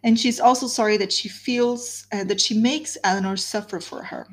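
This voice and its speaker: A woman's voice: medium pitch, fairly even intonation, moderate pace. A woman hosting a guided reading, explaining a classic novel and rephrasing the story in plain words. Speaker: host leading a reading group.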